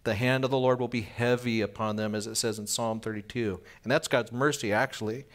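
A man's voice: mid-range voice, fairly even intonation. A man preaching a sermon in a conversational way, asking the listeners questions and acting out little scenes. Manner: acts out little scenes with quick voice changes. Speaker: pastor.

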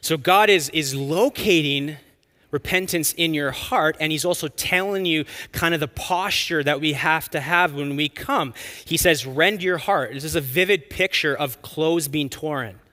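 A man preaching a sermon in an earnest, expressive way, drawing out key lines for emphasis. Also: on the high side, unhurried. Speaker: pastor.

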